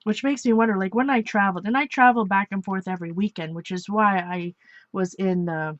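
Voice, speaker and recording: A woman's voice: medium pitch, brisk, no room sound, dull audio. A woman from Ontario chatting casually and rambling while she works on an art journal page, laughing often and correcting herself. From Ontario, Canada. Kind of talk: casual chat while crafting.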